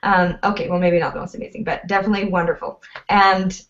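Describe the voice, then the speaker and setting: A woman's voice: lowish voice, flat delivery, quick pace. A woman guest in a casual chat, telling personal stories with a chatty manner. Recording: distant dull lo-fi sound.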